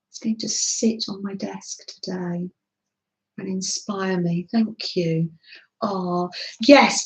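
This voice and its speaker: A middle-aged woman hosting a craft live stream, chatting casually and reading out viewers' comments. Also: mid-range voice. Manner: chatty, warm greetings to viewers. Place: indoors at a craft desk. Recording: echoey room.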